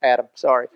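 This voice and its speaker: A man pastor, preaching a sermon in an animated, conversational way with jokes and acted-out quotes. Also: dull audio.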